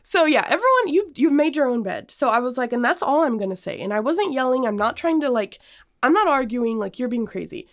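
A young woman co-hosting a podcast tells a personal story in casual chat, animated and full of fillers and restarts. Her voice sits high and she talks briskly.

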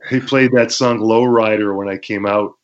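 Man, deep and low, relaxed raconteur with fillers; muffled lo-fi recording. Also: a little slow. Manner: laid-back, laughs while telling stories, many fillers. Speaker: former pro wrestler, guest. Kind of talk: casual interview storytelling. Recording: muffled lo-fi audio.

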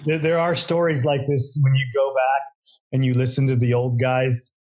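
A man's voice: medium pitch, flat delivery, moderate pace, a little mellow. Easygoing male interview host. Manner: easygoing, laughs often. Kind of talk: casual interview.

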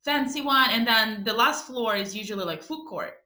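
A young woman telling a story on a podcast. Her voice sits a little high and sounds strikingly bright and sharp. She is animated, curses freely and laughs often, and the room around her is echoey. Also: normal speed. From Ukraine. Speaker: podcast co-host. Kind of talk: casual storytelling chat.

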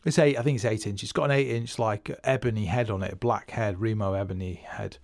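A man's voice: fairly low pitch, steady tone, fairly quick, vocal fry, no echo, clean studio sound. A man hosting a casual spoken drumming lesson, rambling and correcting himself as he explains. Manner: rambling, restarts phrases and self-corrects; counts beats and vocalizes drum patterns. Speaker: drum teacher and podcast host.

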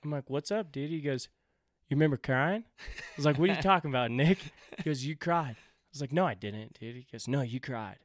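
A man's voice: mid-range voice, brisk, no room sound, studio quality. A man on a podcast, telling a story in casual chat, swearing and laughing at himself. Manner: profane, self-mocking, laughs often. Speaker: podcast co-host.

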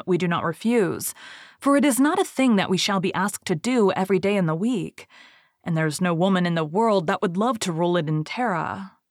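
A woman's voice: fairly low pitch, dry recording, studio quality. Woman reading an old tale aloud. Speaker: storyteller. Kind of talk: storybook reading.

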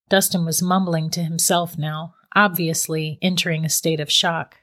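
A woman narrating a story in a steady, measured reading voice. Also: low-pitched.

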